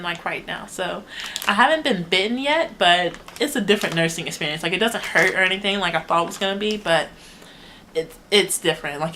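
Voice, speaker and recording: Chatty young mom rambling to camera. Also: female voice, lowish voice, noisy background. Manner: chatty, rambling, heavy use of "like", laughs often. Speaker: mother vlogging a baby update. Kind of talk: casual chat to camera.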